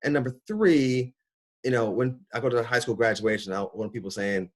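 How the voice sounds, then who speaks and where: A middle-aged man, a doctor, telling his own health story in a casual, animated way, acting out his reactions. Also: fairly quick. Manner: animated, acts out his own reactions with big pitch jumps. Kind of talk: personal storytelling talk.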